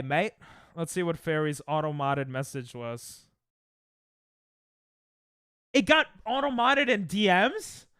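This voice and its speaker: Young streamer chatting w/ chat, bouncy voice, smooth and clean, laughs a lot. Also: medium pitch, pushed and bright, dry recording, clean studio sound. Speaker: Twitch streamer. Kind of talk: casual live-stream chat with viewers.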